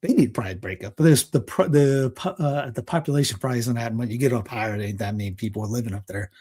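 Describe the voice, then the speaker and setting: A man from Toronto hosting a casual political commentary show, rambling and excitable, often restarting and laughing. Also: mid-range voice, quick pace, husky. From Toronto, Canada. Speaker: podcast host.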